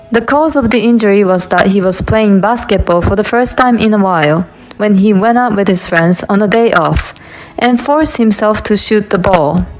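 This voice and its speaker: Woman reading a story out, steady even delivery, mid pitch, faint music behind. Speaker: narrator. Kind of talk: scripted story narration. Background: faint background music.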